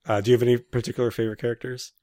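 Fast-talking man in casual chat. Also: mid-range voice, little pitch movement, mellow, no echo, clean studio sound. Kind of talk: casual chat about a video game.

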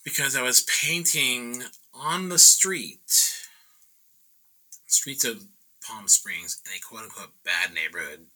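Casting: relaxed male painter guest, very bright tone, chatty storyteller. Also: mid-range voice, takes it slowly, poor audio. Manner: laid-back, laughing, acts out quotes. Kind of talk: casual storytelling chat.

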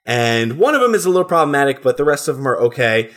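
A man's voice: medium pitch, big pitch swings, fast talker, fairly bright tone. Rambling, profane man chatting casually. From New Jersey area, US. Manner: rambling, profane, breaks into silly put-on voices. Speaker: podcast co-host. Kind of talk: casual chat.

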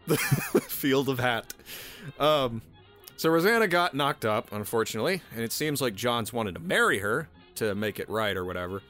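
With soft music playing in the background, a man relates a history story on a casual podcast he hosts, full of sarcasm, laughter, frequent swearing, and verbal stumbles. His medium-pitched voice is a bit bright, with lively intonation and a moderate pace.

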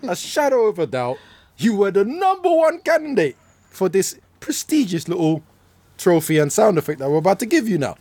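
A man's voice: high-pitched, big pitch swings, moderate pace, darkish tone, dry recording. A man hosting a football podcast in casual, mocking, jokey banter. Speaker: podcast host.

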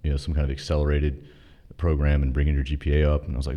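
A man from North Carolina with a very low voice, talking as a podcast guest. He tells stories fast and casually, swears freely, and acts out the other people's lines in animated bursts. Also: highs cut off. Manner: profane, animated, quotes dialogue in his story. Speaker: podcast guest, former Army officer. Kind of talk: casual storytelling.

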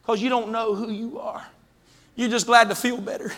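A man preaching a fervent Pentecostal sermon in a church, calling out to the congregation and rising to shouts. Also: very high voice, little pitch movement, moderate pace. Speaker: pastor. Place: church sanctuary.

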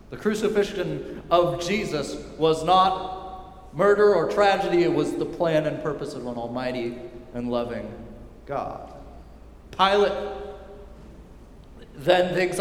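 Emphatic preacher in an echoing hall. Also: male voice, a little high, lively intonation, slow pace, long pauses. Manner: emphatic, repetitive, dropping to quiet intensity. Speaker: pastor. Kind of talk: sermon. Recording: echoey hall with long reverb.

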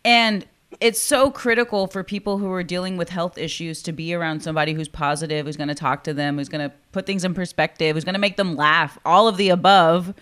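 A woman's voice: lowish voice, fairly even intonation, a little fast, fairly bright tone, clear, resonant tone. A woman interviewing a guest in a chatty, encouraging way. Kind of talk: casual interview chat.

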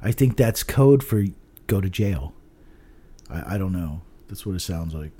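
A man's voice: deep voice, animated, measured pace, dark tone, a little hiss or hum. A man chatting casually on a podcast, rambling, swearing often and trailing off with "I don't know.". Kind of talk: casual chat.

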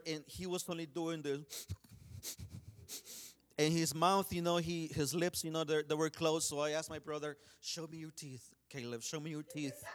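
High-voiced man preaching an earnest sermon. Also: clear, resonant tone. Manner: earnest, repeats words and restarts with many "you know"s; swings from loud urgent pleas to hushed quiet. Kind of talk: sermon storytelling.

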